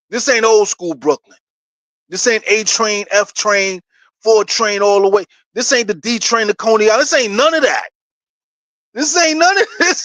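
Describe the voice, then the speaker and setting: A middle-aged man with a New York accent boasts and trash-talks in a loose, casual way, laughing between his points. His voice sits high for a man, and the sound is close and dry, with no room echo. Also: a bit bright. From New York City. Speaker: sports channel host. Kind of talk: casual fan commentary.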